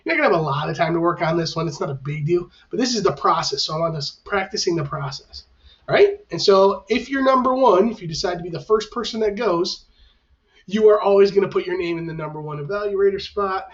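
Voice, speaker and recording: A male teacher with a high, animated voice speaks fast as he gives his class instructions on camera, reassuring and conversational. The camera faces him, and the sound is dull and lo-fi from a distant mic.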